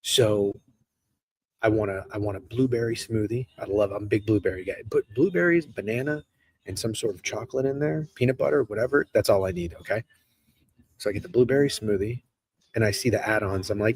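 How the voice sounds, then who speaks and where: A man's voice: medium pitch, animated, fast talker, a little mellow, slightly rough, no room sound. A man in his thirties, hosting a live stream in casual chat, rambling and profane and answering chat as he goes. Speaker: streamer host. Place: hotel room.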